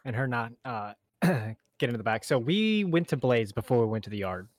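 A man's voice: mid-range voice, lively intonation, normal speed, dry recording. A young man co-hosting a podcast, telling a funny story with lots of laughter. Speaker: podcast co-host. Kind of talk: casual storytelling.

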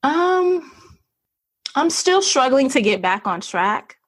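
A woman's voice: high-pitched, very animated, takes it slowly, a bit bright, dry recording. A woman guest candidly telling a personal story, chatty, laughing often and acting out what people said. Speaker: podcast guest.

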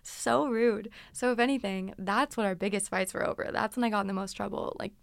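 A woman's voice: mid-range voice, fairly even intonation, fairly quick, vocal fry, no echo. A woman in her twenties casually telling stories from her teens as a podcast host, chatty and dramatic. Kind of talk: casual storytelling.

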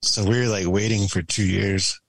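Young guy rambling through a story, low gravelly voice, dry close sound. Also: moderate pace, no room sound, low-quality recording. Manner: relaxed rambling storyteller with many fillers and laughs. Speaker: podcast guest. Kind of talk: casual storytelling chat.

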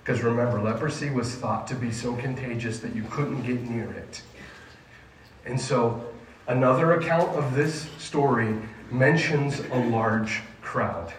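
A man preaching a sermon to a junior high group, emphatic and asking the listeners questions. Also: measured pace, a little hiss or hum. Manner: emphatic, asks the audience questions. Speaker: youth pastor. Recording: echoey room, mic at a distance, faint ambience.

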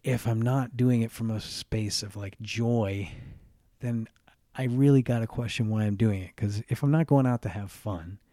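This podcast host's fairly low, dark voice moves at a moderate pace through an earnest, reflective solo monologue, full of restarted phrases and "right?" asides. Clean studio sound, no echo.

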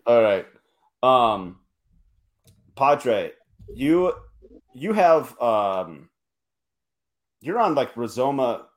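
A man's voice: mid-range voice, big pitch swings, very slow, pauses often. A man hosting a podcast in casual chat, hesitant and thinking aloud, peppered with "like". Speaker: podcast host.

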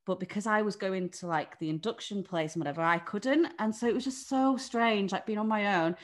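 Speaking a little fast at a medium pitch, a young Englishwoman candidly recounts something from her own life. Her chatty telling is full of "like" and "you know," with some swearing mixed in.

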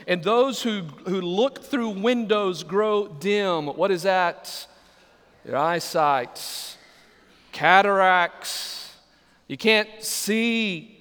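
A man's voice: high-pitched, a bit bright, clear, resonant tone. A male pastor preaching a sermon, joking and asking the congregation questions. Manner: humorous, asks the congregation questions. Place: church sanctuary. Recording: live sermon in a reverberant hall.

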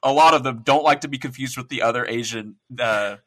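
A man's voice: medium pitch, a little fast, a bit bright. A man co-hosting a gaming podcast in casual chat, rambling through stories, swearing and laughing at his own jokes. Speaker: podcast co-host.

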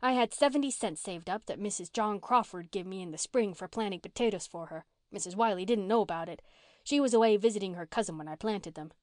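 Reading a storybook aloud, a woman lightly performs a half-starved, scrappy runaway of around twelve who chatters bluntly in rough country dialect. The voice sits high and carries, recorded dry and close with no echo or room around it.

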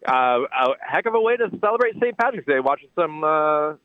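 A man's voice: on the high side, big pitch swings, no echo. Upbeat male caller over a tinny phone. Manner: upbeat, halting with fillers. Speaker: caller, sports show host. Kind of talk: phone-in chat.

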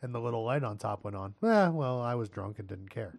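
A man's voice: medium pitch, lively intonation, fairly quick, vocal fry. A man telling a story among friends, laughing, swearing a lot and quoting what others said.

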